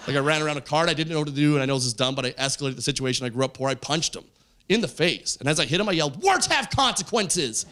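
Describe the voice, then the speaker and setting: A man in his forties from Canada, performing stand-up on stage, telling stories animatedly and jumping into loud, high character voices. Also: racing, a little hiss or hum. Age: 40s. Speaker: stand-up comedian. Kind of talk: stand-up storytelling. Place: stage of a comedy show.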